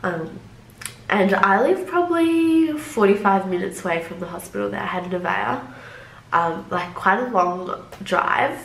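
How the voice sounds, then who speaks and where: Young woman vlogger, casual rambling storyteller, mid-pitched voice, heavy "like" filler, roomy echoey sound. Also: normal speed, creaky. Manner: chatty, loose, heavy use of "like" as filler. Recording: roomy echo.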